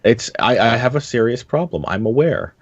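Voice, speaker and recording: A man's voice: medium pitch, animated, normal speed, breathy edge, no room sound, lo-fi sound. A man co-hosting a casual gaming podcast, sheepish and playful. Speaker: podcast co-host.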